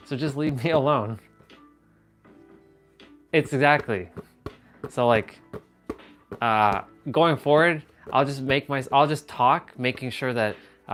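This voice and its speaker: A man's voice: medium pitch, fairly bright tone. A young man hosting a casual livestream, rambling in an exasperated way with frequent laughs and offhand swearing. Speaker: livestream host.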